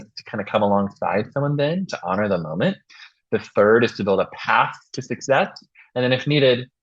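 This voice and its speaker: A man hosting a podcast, telling stories in a casual, animated way and acting out the voices of people he quotes. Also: lowish voice, breathy edge, dull audio. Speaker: podcast host. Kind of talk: casual chat and storytelling.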